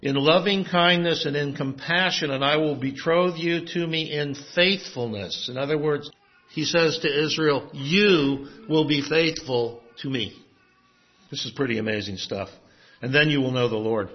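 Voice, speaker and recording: A man preaching an expository sermon, measured and emphatic, dropping low to close each point. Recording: dull, lo-fi sound.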